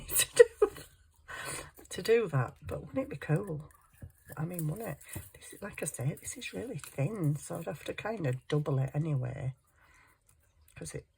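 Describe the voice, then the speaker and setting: A woman's voice: low-pitched, vocal fry, dark tone, husky. A woman chatting casually to viewers and herself as she works on a wire craft project. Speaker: craft vlogger. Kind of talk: casual chat while crafting.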